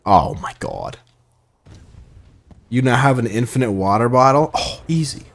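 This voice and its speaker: A male game streamer with a mid-pitched voice, rambling playfully through a live session. He jumps between silly ideas and viewer messages in loose, casual talk. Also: unhurried. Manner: rambling and playful, reads chat aloud. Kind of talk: casual live gameplay chat.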